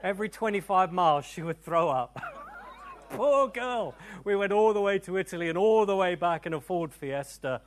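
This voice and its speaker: Man preaching, emphatic, high-pitched, wide-ranging delivery, church congregation. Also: normal speed. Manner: animated and emphatic, swinging from loud cries to hushed tones. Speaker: pastor. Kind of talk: sermon. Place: church service before a congregation.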